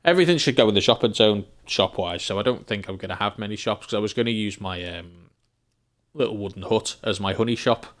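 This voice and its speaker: A man's voice: lowish voice, a little fast. An English man from England chatting casually while streaming a game, rambling and thinking aloud with frequent chuckles.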